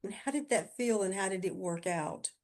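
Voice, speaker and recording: A woman's voice: mid-range voice, lively intonation, moderate pace, a little mellow. A woman leading a church sharing time, inviting others with open questions. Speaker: discussion leader.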